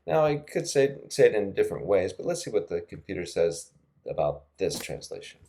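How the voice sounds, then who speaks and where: A middle-aged man with a low, mellow voice walks through a screen-recorded language tutorial. He talks in a casual, chatty way, full of fillers and soft laughs, close to a desktop mic. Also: big pitch swings, brisk, vocal fry, a little hiss or hum. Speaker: language teacher.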